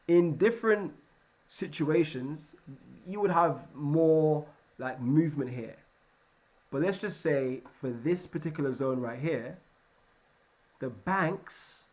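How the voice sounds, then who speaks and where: Male trading coach, lively and chatty, slightly higher voice, keeps checking in. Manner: energetic, keeps checking in with "right?"; repeats and restarts words. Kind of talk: live online trading lesson.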